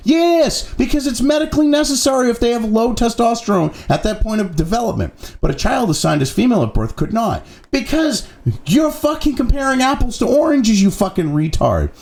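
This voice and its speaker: A man's voice: extremely high pitch, sing-song, moderate pace, darkish tone. A man hosting a profane, angry political commentary rant, swearing constantly and mocking opponents.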